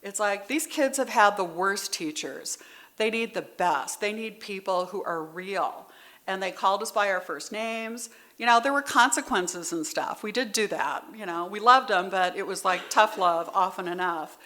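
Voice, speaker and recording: A woman's voice: mid-range voice, normal speed, sharp tone. A middle-aged woman speaking at a recovery meeting, telling her story candidly and conversationally, heartfelt and near tears at times. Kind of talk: personal testimony at a meeting.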